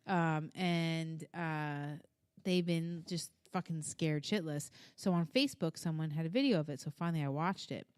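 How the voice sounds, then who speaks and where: Animated, foul-mouthed woman telling stories. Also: low-pitched, normal speed, smooth, no echo, clean studio sound. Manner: animated storyteller, swears freely, acts out voices. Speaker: podcast co-host. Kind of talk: casual chat.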